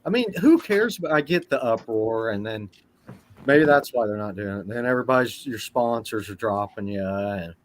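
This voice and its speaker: A man on a podcast ranting in casual chat, animated and profane. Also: lowish voice, moderate pace, slight background noise. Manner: animated, swearing rant. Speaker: podcast co-host.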